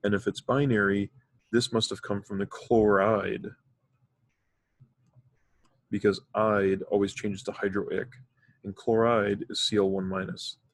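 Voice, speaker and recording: This recorded classroom lecture features a man on the low side teaching chemistry methodically, step by step, with an occasional filler. There's no echo.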